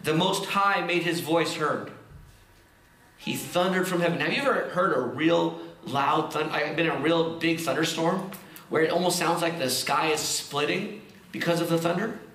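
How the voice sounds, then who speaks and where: A male pastor preaching in a high, bright voice. He slows right down for scripture and then talks to the congregation loosely, almost chatty. The sound is roomy and echoey, like a church hall. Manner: animated, conversational preaching with casual asides. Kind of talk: sermon.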